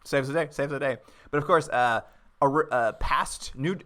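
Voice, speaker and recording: Podcast co-host, male, bright voice, dry humor, quick laughs. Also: medium pitch. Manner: wry recaps, laughs often. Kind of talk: casual chat.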